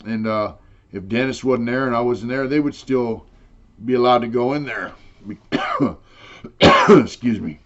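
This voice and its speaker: Older male interviewee, mid-pitched, loose and profane storyteller, slightly dull lo-fi audio. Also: animated, a little slow, long pauses. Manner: rambling, profane, full of "you know". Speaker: interviewee telling prison stories. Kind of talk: casual storytelling.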